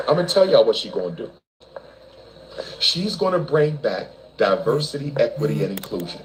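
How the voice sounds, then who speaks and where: Brief: man, fairly high and very lively pitch, rhetorical, faint noise behind. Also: normal speed, poor audio. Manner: animated, repetitive, rhetorical. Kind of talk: casual commentary.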